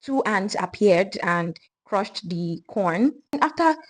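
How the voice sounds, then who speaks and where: A woman retells a folk tale in a casual, lively way. She breaks off now and then to talk straight to the listener. Her voice has a husky grain. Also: mid-range voice, slow pace, rough recording. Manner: lively, conversational retelling with asides. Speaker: storyteller. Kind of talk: casual storytelling.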